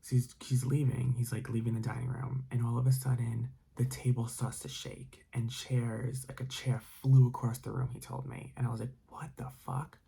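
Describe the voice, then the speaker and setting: A man's voice: medium pitch, level tone, normal speed, gravelly, hardly any pauses, mellow, breathy edge. A man telling a spooky story casually, rambling with many fillers and dropping into whispers. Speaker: storytime narrator.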